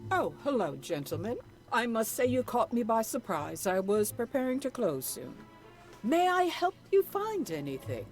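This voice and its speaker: A guarded flower shop owner in a game speaks in a formal, clipped way. Her pitch moves a lot. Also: very animated, moderate pace, faint music behind. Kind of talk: voiced game dialogue.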